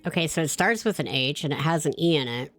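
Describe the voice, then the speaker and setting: Low-voiced, giggly woman streamer. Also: animated, fast talker, a bit bright, faint music behind. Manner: playful, giggly, talks to herself while puzzling. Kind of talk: visual novel playthrough with read-aloud dialogue.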